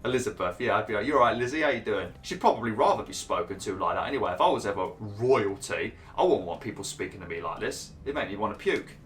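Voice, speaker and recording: A man's voice: lowish voice, lively intonation, fast talker, hardly any pauses. A man giving casual gameplay commentary in a cheeky, blunt, chatty way. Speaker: gaming video host.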